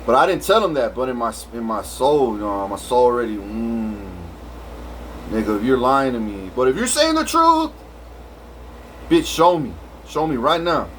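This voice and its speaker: A man's voice: medium pitch, sing-song, normal speed, fairly bright tone, a little hiss or hum, poor audio. A man telling a rambling story full of swearing, restarts and filler. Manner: rambling, profane, many restarts. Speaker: vlogger.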